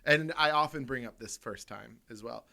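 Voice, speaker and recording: A man's voice: mid-range voice, moderate pace, gravelly, bright, forceful tone. A man co-hosting a comedy podcast, telling rambling stories in a casual, self-amused way and laughing in the middle of them. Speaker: podcast co-host. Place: podcast studio.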